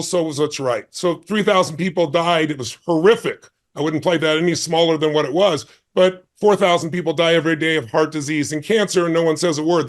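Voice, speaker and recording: Guy in his 60s telling a story, intense and emphatic, kinda high voice. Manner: intense, emphatic storyteller who acts out quoted dialogue. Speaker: guest speaker. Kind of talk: storytelling in a podcast interview.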